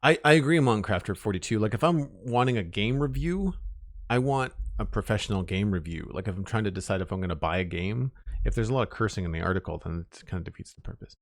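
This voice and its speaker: A man's voice: fairly low pitch, animated, quick pace, dry recording, clean studio sound. A man streaming a building game and chatting casually with viewers, rambling, with many fillers and restarts. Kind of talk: casual live-stream chat while playing.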